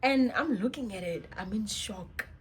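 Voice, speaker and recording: A woman telling a personal story as a vlogger, chatty and expressive with many asides. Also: mid-range voice, normal speed, slight background noise. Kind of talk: storytime monologue.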